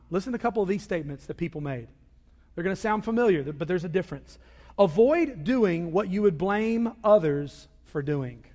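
A man preaching a sermon as a pastor, swinging from loud emphasis to quiet asides. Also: sits high. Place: church sanctuary. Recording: long reverb of a large hall.

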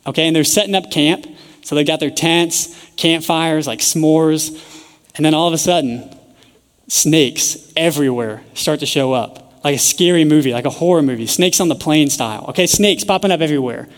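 A young man preaching a sermon in a casual, joking storytelling way with lively asides. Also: on the high side, moderate pace. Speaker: pastor teaching a sermon series. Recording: echoey church hall.

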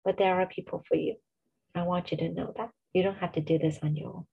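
Husky-voiced woman in her forties. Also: lowish voice, fairly even intonation, fast talker, muffled recording. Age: 40s. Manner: earnest, reassuring, repeats key phrases. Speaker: podcast host and coach. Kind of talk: motivational solo podcast talk.

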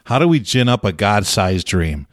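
A man's voice: lowish voice, sing-song, moderate pace, no echo, clean studio sound. A man interviewing a guest, asking thoughtful, probing questions.

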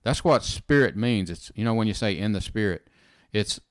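A man's voice: fairly low pitch, lively intonation, moderate pace, no room sound, clean studio sound. A man giving informal, earnest Bible teaching in conversation, repeating phrases and often saying "you know" and "amen".

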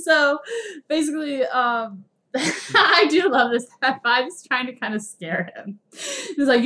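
A woman's voice: sits high, big pitch swings, takes it slowly, bright, forceful tone. A woman co-hosting a casual chat, laughing often, swearing, and acting out quotes. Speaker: podcast co-host.

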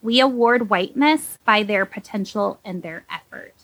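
A young adult woman on a podcast, giving animated, sarcastic commentary with sudden leaps in pitch when she mocks something. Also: normal speed, low-quality recording. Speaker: podcast co-host.

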